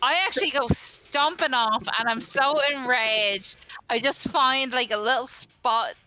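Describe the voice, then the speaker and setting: A woman's voice: high voice, a little slow, pushed and bright, smooth, poor audio. A woman playing a tabletop game, chatty and casual as she narrates her character. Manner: chatty, giggly. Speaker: player.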